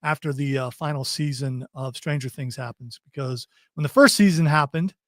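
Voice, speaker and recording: A middle-aged man hosting a podcast, chatting playfully about pop culture and firing off quick teasing questions. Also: mid-range voice, no echo, studio quality. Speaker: podcast host. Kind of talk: casual pop-culture chat. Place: studio.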